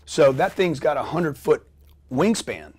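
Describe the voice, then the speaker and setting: Pitched on the high side with a breathy edge, this middle-aged man takes his time while telling a story as a talk-show guest. He swears freely and performs the scenes, throwing in sound effects and imitating the voices of the people involved.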